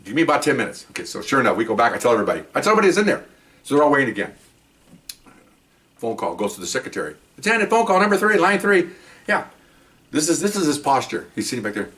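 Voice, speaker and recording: A man's voice: medium pitch, big pitch swings, racing, long pauses, fairly bright tone, distant mic. A man, older, telling stories from his police days in a casual monologue, acting out other people's lines and often laughing.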